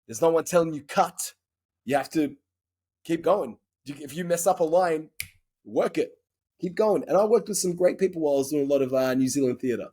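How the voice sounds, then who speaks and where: A man's voice: on the high side, a little fast, a little mellow, breathy edge. A man with an Australian accent, a guest actor talking casually and bluntly in a podcast interview, rambling through his stories and swearing now and then.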